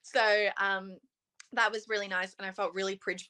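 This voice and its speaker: Bright-voiced Australian young woman. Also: mid-range voice, little pitch movement, clear, resonant tone. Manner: chatty, quick, lots of ums and likes. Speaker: pageant contestant guest. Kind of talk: casual interview chat.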